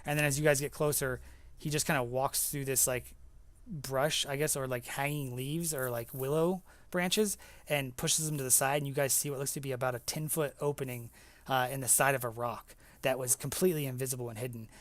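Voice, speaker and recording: A young man narrating as game master in a tabletop game, halting and full of fillers. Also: medium pitch, steady tone, fairly bright tone, no room sound.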